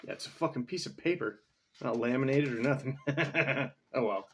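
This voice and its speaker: A man's voice: mid-range voice, normal speed, fairly bright tone, a little hiss or hum. A man talking casually to himself in a solo vlog, rambling as he reads definitions aloud and swears now and then. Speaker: vlogger.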